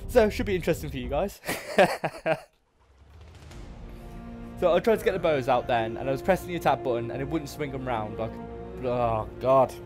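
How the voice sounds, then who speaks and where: A man's voice: mid-range voice, expressive, moderate pace, long pauses. A man giving let's-play commentary, frustrated and swearing often as he plays, muttering to himself. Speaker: gaming YouTuber. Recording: game music playing behind. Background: game music.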